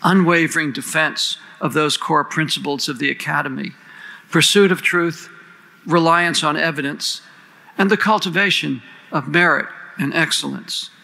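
Gravelly, bright-voiced man giving a formal speech. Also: a little high, normal speed, poor audio. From United States. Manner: earnest, rhetorical, lists and questions. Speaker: panel moderator introducing speakers.

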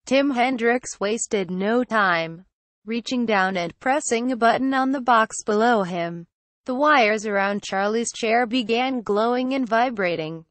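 A woman's voice: a little high, a little slow, no echo. Woman narrating a horror story, dry sound. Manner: steady first-person storytelling.

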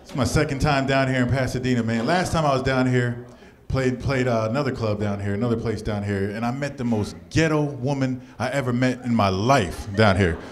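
A man's voice: medium pitch, a little fast. A man performing a stand-up comedy set in a club, telling stories and acting out the people in them with raised voices. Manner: animated storytelling, acting out characters in raised voices. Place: comedy club stage with a laughing audience.

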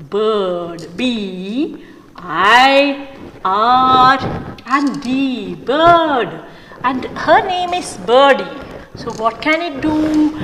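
Woman teacher, children's English lesson, high voice, spells words out, echoey room, loud background noise. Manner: spells words out letter by letter, asks the class questions.

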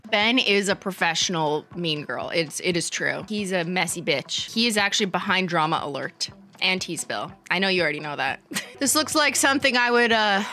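A woman in her thirties hosting a livestream, roasting viewers' work with sarcastic, teasing remarks and frequent laughter. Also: medium pitch. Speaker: nail art YouTuber and livestream host.

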